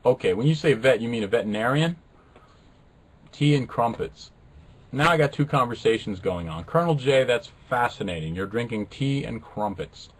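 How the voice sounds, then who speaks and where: Joking, lively man. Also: medium pitch. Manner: flippant, joking, self-mocking. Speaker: live webcast host. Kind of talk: casual rambling chat with viewers.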